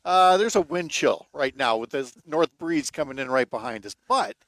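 A man's voice: fairly high pitch, animated, moderate pace, fairly bright tone, no room sound. A man, a morning radio host, joking wryly in casual chat outdoors by a lake. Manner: wry, joking. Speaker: morning radio show host, guest host of the day. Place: outdoors by a lake at his home.

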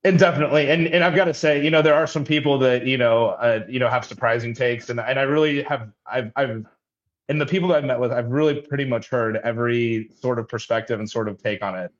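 Halting man on a dull line. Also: mid-range voice, steady tone. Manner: halting, many restarts and fillers. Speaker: logistics company head, guest. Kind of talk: radio interview answers.

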